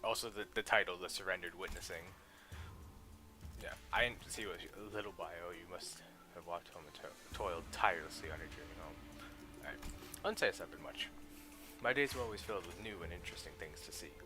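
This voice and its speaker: Low-voiced young man reading game lines. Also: brisk, over music. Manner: casual, rambling with frequent "like" fillers. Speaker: streamer reacting to a game. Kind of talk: live reaction, reading game dialogue aloud.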